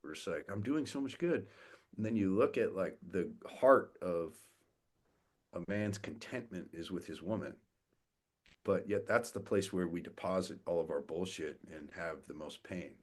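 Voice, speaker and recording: A man's voice: low voice, moderate pace, husky. A man speaking as a podcast guest, a coach for fathers, talking bluntly with lots of swearing and acting out what other people say. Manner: blunt and profane, acts out quoted dialogue. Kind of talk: casual podcast conversation.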